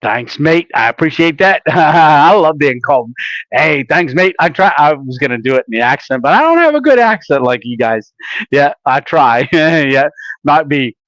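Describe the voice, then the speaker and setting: Male live-stream host with a slightly high voice, casual and rambling, full of filler sounds. Dry, muffled lo-fi sound. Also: big pitch swings, normal speed, a bit bright, no echo.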